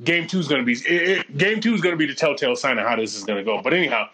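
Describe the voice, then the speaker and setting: A man chatting casually on a podcast, animated and profane, with lots of tangents. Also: medium pitch, very fast. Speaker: podcast co-host.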